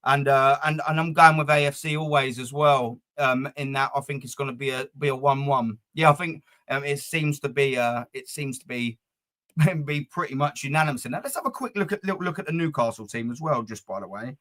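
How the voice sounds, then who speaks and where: A man's voice: medium pitch, a little fast, fairly bright tone. A man hosting a football fan live stream, rambling and swearing freely as he chats to his viewers. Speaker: football fan channel host. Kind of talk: casual live-stream chat.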